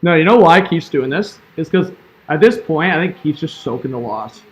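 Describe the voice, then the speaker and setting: A man's voice: a little high, animated, normal speed, slightly rough. A young man doing casual live-stream hockey commentary, chatting loosely and answering his viewers. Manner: chatty, reads and answers chat, lots of "like" and "man".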